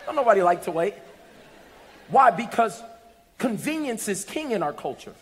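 A man preaching a sermon, telling stories with playful asides and rising to shouts. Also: high voice, sing-song, moderate pace, slight background noise. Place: large church hall. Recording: long hall reverb.

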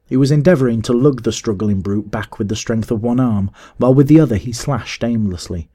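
A man narrating a classic adventure story as an audiobook, in a measured storytelling manner. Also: mid-range voice. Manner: measured, even storytelling that rises to shouts in dialogue.

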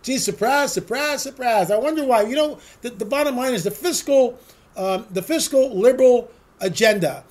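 A man with a notably high voice talks straight to his listeners in an opinion monologue. He hosts a political talk show, and his delivery is emphatic and sarcastic, driven by rhetorical question after rhetorical question. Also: moderate pace, darkish tone.

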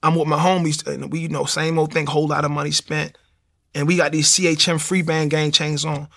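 Gravelly man telling his story. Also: a little high, level tone, fairly quick, sharp tone. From Baltimore, USA. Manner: storytelling with acted-out dialogue. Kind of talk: personal testimony.

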